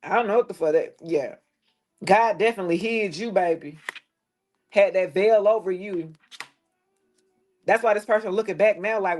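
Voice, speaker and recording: A woman giving a casual tarot reading to the camera, blunt and preachy, swearing freely and dropping her voice low at times. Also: normal speed, pauses often, darkish tone. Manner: preachy, blunt and profane, with loose slangy phrasing; drops into a lower tone at times. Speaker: tarot reader.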